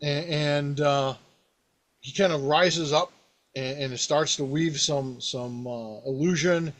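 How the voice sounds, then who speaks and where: A man hosting a podcast, casually recounting a tabletop game he ran, rambling and animated with many fillers. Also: on the high side, slow pace. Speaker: podcast host, game master. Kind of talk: casual storytelling about a past game.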